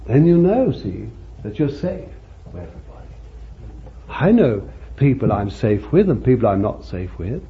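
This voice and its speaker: A man's voice: medium pitch, very animated, moderate pace. A man preaching a sermon in a folksy, conversational way, often adding "you see" as an aside. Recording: muffled lo-fi recording with faint hiss.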